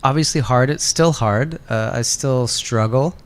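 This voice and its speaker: A man speaking as the guest actor on a fan convention panel, relaxed and candid, with frequent fillers. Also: mid-range voice, a little slow, clear, resonant tone. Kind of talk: casual panel answers.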